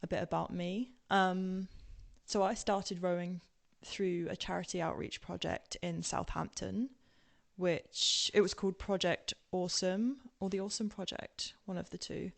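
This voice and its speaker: Brief: young English woman, posh southern accent, low gravelly voice, rambling storyteller. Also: steady tone, measured pace. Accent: southern English, now posh-sounding. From England. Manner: rambling with many ums and tangents, laughing. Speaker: podcast guest. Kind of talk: casual personal storytelling.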